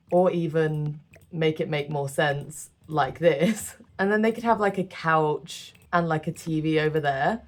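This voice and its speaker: Chatty British woman narrating a game build. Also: low voice. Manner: chatty, self-deprecating, laughs often. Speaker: gaming creator. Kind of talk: casual building commentary.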